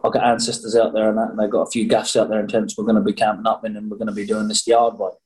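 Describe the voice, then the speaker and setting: A man's voice: fairly low pitch, little pitch movement, very fast, darkish tone, poor audio. Cheeky man on a video call. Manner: cheeky, jokey, rambling. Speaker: boxer interviewee. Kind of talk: casual remote interview.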